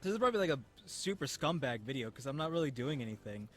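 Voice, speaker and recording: A man's voice: medium pitch, big pitch swings, fast talker, soft background music. Rambling young gamer guy. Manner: rambling and chatty, lots of fillers and restarts. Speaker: gaming YouTuber. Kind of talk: casual gameplay commentary.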